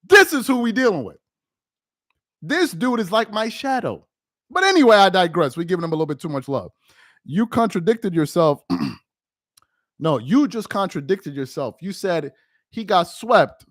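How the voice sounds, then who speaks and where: A man talks through a casual sports live stream in a fairly high voice that swings widely up and down. He laughs often and trash-talks. The sound is dry and close. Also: moderate pace, pauses often, dry recording. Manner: animated, laughing, trash-talking.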